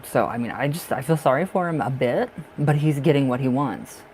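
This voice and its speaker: A man's voice: mid-range voice, expressive, fairly quick, darkish tone, a little hiss or hum, rough recording. A man from the northern United States giving live-stream tarot readings in a chatty way, laughing often and repeating himself. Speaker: tarot reader.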